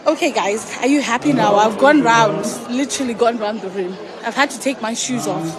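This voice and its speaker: Woman, bright high chatty greetings, phone-camera vlog, loud crowd behind. Casting note. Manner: bubbly, chatty, quick friendly greetings. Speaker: vlogger filming guests at a ball. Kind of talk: live-stream walkaround greetings. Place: large indoor ballroom. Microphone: handheld phone camera.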